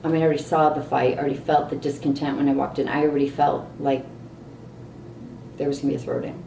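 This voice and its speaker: A middle-aged woman vlogging a candid personal story, animated and exasperated at times. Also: very deep voice, quick pace, creaky, slight background noise. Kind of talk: personal reflective monologue. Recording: roomy echo, distant mic, faint ambience.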